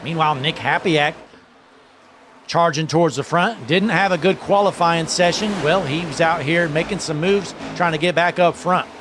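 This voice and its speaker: Male race caller, slightly high voice, noise behind him, play-by-play that gets loud and excited. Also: moderate pace. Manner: excited, raising his voice at the green flag. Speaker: race commentator. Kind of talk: play-by-play sim racing commentary.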